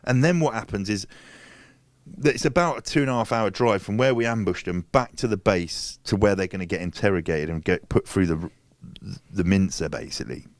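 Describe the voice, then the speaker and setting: A man's voice: on the low side, fairly quick, no room sound. A man telling a story in casual chat. He swears freely and acts out other people's lines. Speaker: guest.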